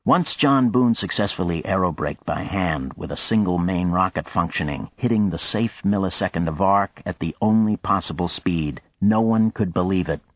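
A man narrating a novel in an audiobook with a measured, even storytelling manner and a muffled, dull sound. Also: sits low, dry recording. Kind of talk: scripted narration.

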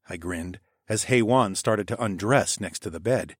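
Low-voiced man narrating an audiobook. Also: moderate pace, slightly rough, no echo, studio quality. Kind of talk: first-person story narration.

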